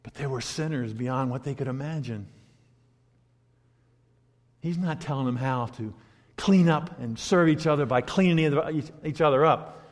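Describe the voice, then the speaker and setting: A man preaching a sermon, swinging from hushed, reflective asides to loud, emphatic points. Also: mid-range voice, moderate pace, long pauses. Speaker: pastor. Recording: hall reverb.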